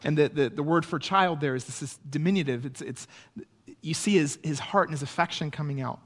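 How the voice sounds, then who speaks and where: A man's voice: a little high, brisk, long reverb tail. A man preaching a sermon in a conversational way, often checking in with his listeners. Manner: conversational preaching with frequent "right?" asides. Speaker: pastor.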